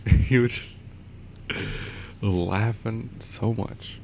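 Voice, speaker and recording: Young male vlogger, deep voice, loose chatty storytelling, faint background hiss. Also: fairly even intonation, moderate pace, a little mellow. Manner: rambling, chuckles often, many fillers. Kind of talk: casual storytelling.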